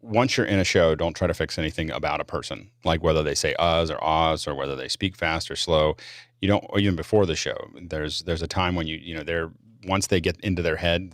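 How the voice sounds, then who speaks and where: A man hosting a casual panel discussion over a video call, talking quickly and often restarting his sentences. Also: a bass voice, a bit bright, dry recording, clean studio sound. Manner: rapid, with frequent restarts. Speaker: show host.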